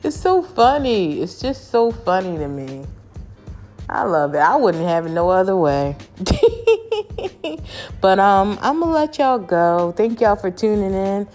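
A woman's voice: mid-range voice, expressive, normal speed, darkish tone, faint music behind. A young woman vlogging to her viewers in a chatty, casual way, laughing often and addressing them as y'all.

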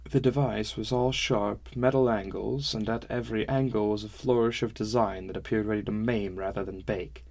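A man narrating a first-person fantasy novel in a measured, wry storytelling manner. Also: fairly low pitch, fairly even intonation, darkish tone. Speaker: audiobook narrator.

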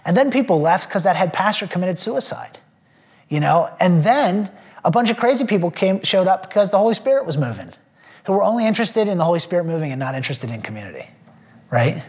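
A pastor shares a personal testimony with a small group, earnest and rambling, with many fillers and restarts, and becomes emotional when telling faith stories. His high-pitched voice is very animated and quick.

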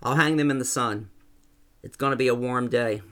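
A man voicing a blunt, joking older rancher who talks in a gruff, plainspoken way. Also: mid-range voice, moderate pace, a bit bright, natural voice. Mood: folksy.

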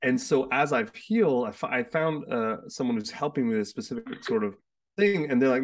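A man's voice: medium pitch, expressive, brisk, far from the mic. A man hosting a casual, heartfelt conversation, rambling with lots of restarts and fillers. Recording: sits away from the mic.

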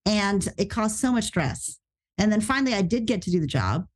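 An American woman, an actress guest on a podcast, telling showbiz stories in a casual, animated, rushed way. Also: medium pitch. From United States.

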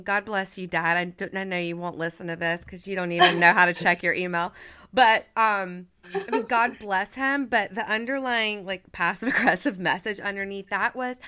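A woman therapist in her thirties hosting a heartfelt conversation, speaking softly and affirmingly with emphatic moments. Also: mid-range voice, smooth. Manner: soft, warm and affirming, emphatic at times. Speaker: therapist and podcast host.

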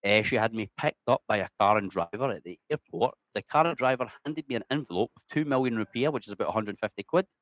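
Animated and quick with few pauses, a lowish, slightly bright male voice with a Scottish accent carries the dry recording. The middle-aged interview guest tells casual, chatty stories, swearing freely and saying "mate" a lot.

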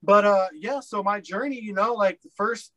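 A man's voice: high voice, moderate pace, sharp tone, low-quality recording. A man from Colorado, a podcast guest telling his story in a candid, rambling way, with lots of fillers and blunt swearing. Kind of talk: casual storytelling interview.

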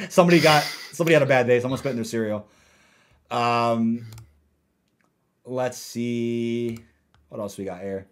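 Young male gaming streamer, casual, ranty, mid-pitched voice. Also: measured pace, pauses often. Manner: laid-back, ranting, laughs often. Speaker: gaming YouTuber reading viewer comments. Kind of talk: casual livestream chat.

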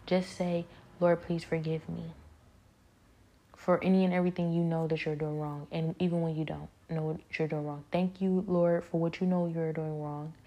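A woman talking earnestly about her faith on a podcast, halting often and slipping into soft whispered prayers. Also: low voice, level tone, dull audio. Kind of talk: personal faith reflection.

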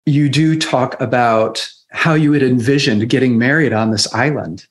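A man's voice: mid-range voice, moderate pace. Reflective man co-hosting a podcast. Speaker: podcast co-host. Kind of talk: podcast interview.

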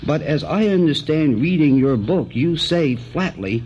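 A man's voice: fairly high pitch, lively intonation, unhurried, hardly any pauses, darkish tone, husky. A man moderating a televised panel debate, speaking formally and pressing guests with repeated questions. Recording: dull lo-fi archival broadcast with faint hiss.

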